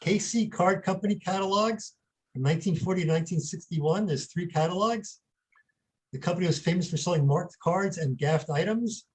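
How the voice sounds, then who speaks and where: Guy reading out descriptions, high-ish voice, husky, matter-of-fact. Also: moderate pace, a little mellow, poor audio. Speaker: panelist reading lot descriptions. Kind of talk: reading aloud, casual panel chat.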